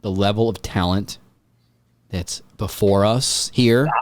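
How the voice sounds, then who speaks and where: A man hosting a podcast in casual chat, rambling and excitable, swearing freely. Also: on the low side, slow, no echo. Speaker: podcast host.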